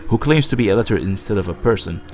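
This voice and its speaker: A man's voice: fairly low pitch, animated, quick pace, a little mellow, faint music behind. A man who is feeling ill, rambling through gameplay commentary and reading game dialogue aloud. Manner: rambling, thinking aloud with many fillers. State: sick. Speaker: let's play host.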